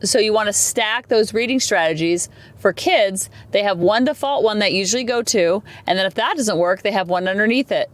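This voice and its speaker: A woman in her forties hosting a parenting podcast, talking casually in a chatty, rambling way with animated asides. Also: mid-range voice, moderate pace. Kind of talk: casual solo podcast talk.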